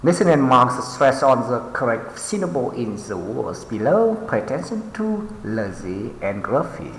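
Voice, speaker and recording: A man teaching an English pronunciation lesson with a Vietnamese accent, reading words slowly and deliberately with drawn-out repetitions and frequent fillers. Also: mid-range voice, very animated, a bit bright, slight background noise. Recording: echoey room with long reverb.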